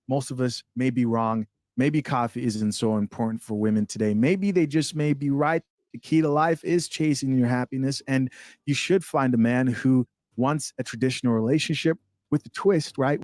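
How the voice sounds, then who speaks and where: A man's voice: mid-range voice, darkish tone, no echo. Sardonic man commentator, dry close sound. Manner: sardonic, emphatic. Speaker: commentary host. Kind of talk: scripted commentary intro.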